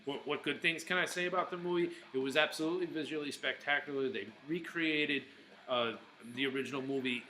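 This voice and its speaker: A man's voice: medium pitch, pushed and bright, a little hiss or hum, rough recording. A man talking casually in a rambling vlog, with lots of fillers and restarts. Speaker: vlogger.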